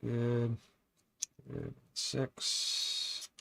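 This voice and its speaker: Gravelly and monotone, this mid-range male voice drags out its words. He's casually streaming from his desk, reading viewer comments, calling folks "man," and at times muttering quietly as he builds.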